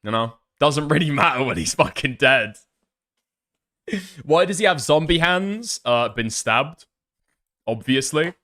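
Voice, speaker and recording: A man's voice: fairly high pitch, animated, a little slow, long pauses, pushed and bright. A man reacting to video clips in a sarcastic, mocking way, laughing often and swearing heavily. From United Kingdom. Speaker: commentary streamer. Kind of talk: casual reaction commentary.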